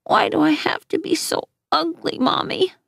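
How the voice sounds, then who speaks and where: A woman voicing a shy, hurting young boy in a book read aloud, speaking softly and almost whispering. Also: sits high, very animated, takes it slowly, vocal fry, no echo, studio quality, pitched above the performer's own voice, heavily acted. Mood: tearful whisper. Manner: soft, tearful, whispery. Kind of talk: reading a novel aloud.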